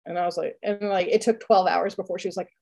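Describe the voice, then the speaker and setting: A woman's voice: lowish voice, steady tone, fast, creaky, mellow. A woman in her thirties chatting casually as a podcast co-host, full of fillers and frequent laughter. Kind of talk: casual chat.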